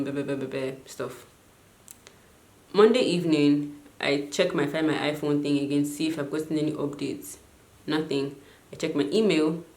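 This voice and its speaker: A young woman telling a storytime vlog in an animated way, full of "like". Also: deep voice. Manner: animated, lots of filler "like". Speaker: vlogger. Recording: echoey room.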